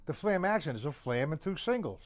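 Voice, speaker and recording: A man's voice: fairly high pitch, big pitch swings, fairly quick. A man teaching a casual drum lesson, chatting with viewers and counting beats aloud. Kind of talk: live-streamed drum lesson.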